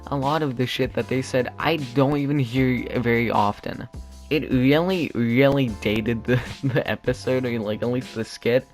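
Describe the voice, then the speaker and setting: A man's voice: medium pitch, moderate pace, soft background music. A young man in Gen Z giving sarcastic, rambling comedy commentary with lots of fillers and restarts. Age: teens or young adult. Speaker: YouTube commentator.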